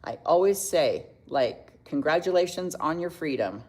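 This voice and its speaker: Low-voiced woman hosting a chatty makeup livestream. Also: animated, darkish tone, breathy edge. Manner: chatty, reads viewer comments aloud, quick to laugh. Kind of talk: casual makeup tutorial livestream.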